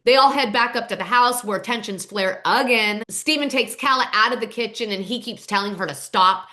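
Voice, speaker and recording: Woman spilling reality show tea, voice on the high side, bouncing all over. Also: brisk, few pauses. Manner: animated, dramatic storytelling. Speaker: host. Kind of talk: gossipy reality TV recap.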